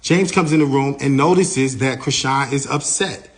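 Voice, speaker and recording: A man, a manager, giving a lively first-person account of an incident, his voice rising and getting louder as he gets heated. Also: normal speed. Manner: animated, grows louder and higher when heated.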